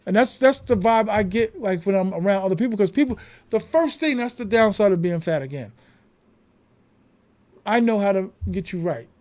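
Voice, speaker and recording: High-voiced New man, emphatic. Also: normal speed. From New York City. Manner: emphatic, animated storytelling with frequent swearing. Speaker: podcast guest. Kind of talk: casual conversation.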